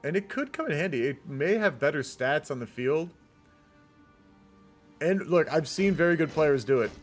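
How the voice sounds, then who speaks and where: A man's voice: a little high, expressive, moderate pace, faint music behind. A man streaming and casting a multiplayer strategy game in casual live commentary, rambling and laid-back, swearing and often tacking "man" onto his sentences.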